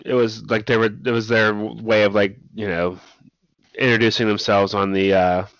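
A man's voice: lowish voice, little pitch movement, moderate pace, a bit bright, no echo. A man co-hosting a casual wrestling podcast, giving brief, agreeable replies. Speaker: podcast co-host. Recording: dull dry podcast audio.

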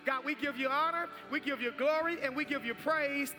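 A man's voice: extremely high pitch, fairly quick, few pauses. A man pastor preaching fervently during an offering and prayer, repeating his calls to the congregation. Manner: fervent, repetitive exhortation. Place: large church sanctuary. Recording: reverberant church hall with music.

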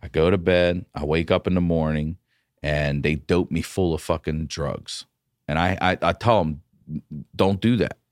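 A man, a comedian guest on a podcast, telling a story in a casual, profane and animated way. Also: low voice, a little slow, dry recording, studio quality.

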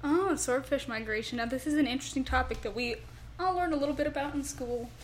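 A woman co-hosting a comedy podcast, joking with dry, deadpan banter. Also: high voice, fast talker, a little hiss or hum. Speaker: podcast co-host. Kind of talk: casual comedic chat.

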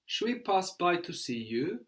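A man teaching a guided language lesson, asking prompting questions and slowing down to model phrases. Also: high voice, sing-song.

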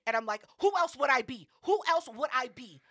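Podcast co-host, woman, slightly high voice, animated and profane storyteller. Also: a little fast, no room sound, clean studio sound. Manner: animated, profane, acts out quotes. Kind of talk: casual storytelling.

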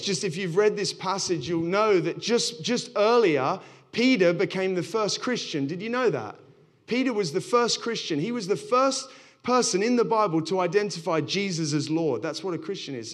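A pastor telling stories from the pulpit in a frank, self-mocking way. His voice sits a little high for a man. He talks straight to the congregation. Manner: candid storytelling, self-deprecating. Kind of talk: sermon.

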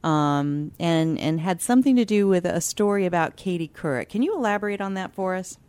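A woman's voice: on the low side, animated, a little fast, darkish tone, clean tone, dry recording. A woman hosting a talk radio show, upbeat and chatty, laughing easily.

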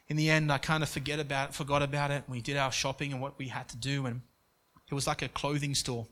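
A man's voice: mid-range voice, fairly even intonation, quick pace, a bit bright. A young man preaching, telling a story in an earnest way with frequent restarts. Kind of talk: sermon story.

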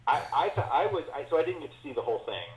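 A man's voice: fairly high pitch, sing-song, racing. A man co-hosting a casual political chat podcast, hesitant and restarting his sentences as he explains. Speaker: podcast co-host. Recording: roomy, dull lo-fi sound.

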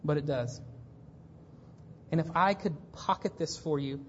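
A woman pastor in her thirties preaching a sermon, emphatic, swinging between hushed and intense passages. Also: sits low, measured pace, a little hiss or hum. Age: 30s. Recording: dull lo-fi church recording.

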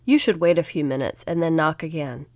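Woman playing a stern proper neighbor man, lecturing, storybook, fairly low, dry sound. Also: fairly quick, a little mellow, dry recording.

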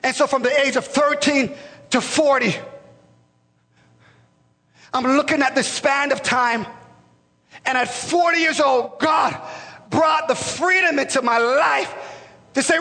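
Brief: man in his forties, pastor, high and bright voice, passionate sermon, big reverberant hall. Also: fairly even intonation, slow, pauses often. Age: 40s. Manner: impassioned, rising to shouts, stammering restarts.

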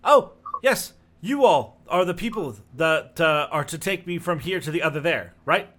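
A man's voice: a little high, expressive, normal speed, fairly bright tone, pitched above the performer's own voice. A man voicing a fussy, self-important male halfling traveler with a prim, impatient manner. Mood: eager.

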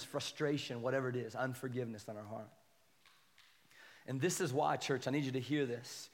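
A man delivers an animated sermon in a church, reading scripture aloud and asking the congregation to respond. His voice sits a little high, and a long reverb hangs after his words. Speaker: pastor.

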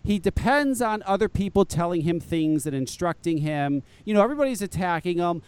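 A man hosting a podcast, telling a story in casual chat, animated and profane, laughing often. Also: high-pitched, fairly quick, few pauses, smooth, dry recording. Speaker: podcast host.

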